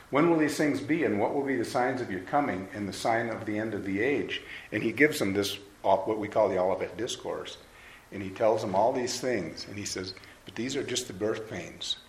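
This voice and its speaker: Low-voiced man preaching in a roomy hall. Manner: conversational, asks the audience questions. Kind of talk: sermon. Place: hall with an audience. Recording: roomy hall, faint noise.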